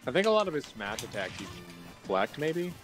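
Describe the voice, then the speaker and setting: A man's voice: fairly high pitch, very animated, brisk. A young man casually chatting while streaming a game, joking, riffing and swearing loosely. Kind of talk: casual gaming stream chat. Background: game music.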